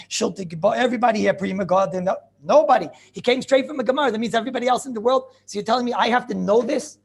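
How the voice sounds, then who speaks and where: Gravelly-voiced rabbi teaching a lively class. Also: male voice, high voice. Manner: animated, full of rhetorical questions and asides. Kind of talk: lively Talmud lesson to students.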